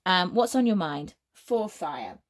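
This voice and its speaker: A woman's voice: lowish voice, very animated, takes it slowly. A British woman reading tarot cards as a medium, talking in a rambling, free-flowing way with frequent restarts and tangents. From United Kingdom.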